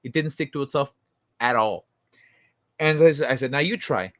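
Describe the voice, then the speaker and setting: A man's voice: mid-range voice, normal speed, a bit bright, dry recording, studio quality. Rambling, foul-mouthed man on a livestream. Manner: rambling, profane, full of restarts. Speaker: livestream talk show host. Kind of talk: casual chat.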